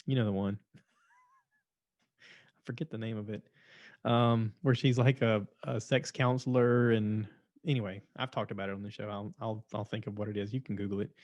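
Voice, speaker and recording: A man's voice: fairly low pitch, steady tone, moderate pace, darkish tone, dry recording, highs cut off. A man hosting his own show, rambling in a casual, opinionated monologue and repeating himself. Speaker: podcast host. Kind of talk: casual monologue reviewing shows.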